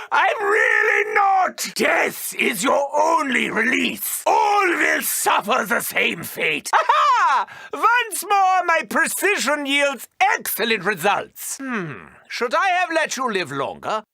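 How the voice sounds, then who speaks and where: An actor playing an unhinged, cruel male mad scientist doctor in a video game, with gleeful, theatrical, mocking delivery and a gravelly edge. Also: very high-pitched, bright, forceful tone, no room sound, studio quality, heavily acted.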